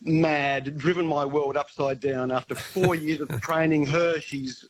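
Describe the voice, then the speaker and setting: A man's voice: fairly high pitch, steady tone, measured pace, poor audio. A man calling in to a radio show, talking with enthusiasm and laughing as he goes. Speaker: caller.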